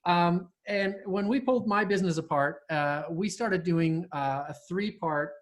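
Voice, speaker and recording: A man hosting a casual interview, talking in a halting way with many fillers and restarts. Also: high voice. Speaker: host.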